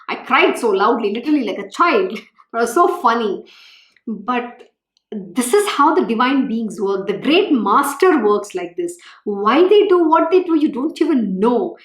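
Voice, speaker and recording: Earnest woman expounding scripture. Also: high-pitched. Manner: earnest, storytelling, animated when recalling her own feelings. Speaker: spiritual teacher reading and expounding scripture. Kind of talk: scripture reading with personal commentary. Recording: echoey room.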